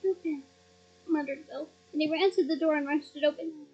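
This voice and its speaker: A woman reads a novel aloud in a very high voice, lively and expressive. She breaks in with emotional asides to her listeners. The home recording sounds dull and lo-fi. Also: fairly quick. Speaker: audiobook reader.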